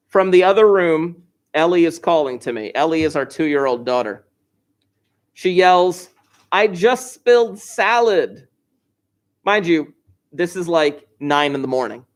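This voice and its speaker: A man teaching an algebra class over a livestream from his classroom desk, joking and teasing his students and chuckling often. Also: fairly high pitch. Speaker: high school algebra teacher.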